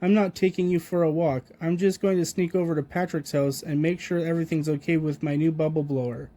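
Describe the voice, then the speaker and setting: A man voicing an excitable, fussy young male cartoon sea sponge who frets eagerly over his things. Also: close to an everyday voice. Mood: excited. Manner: eager, high-strung, quick to fret.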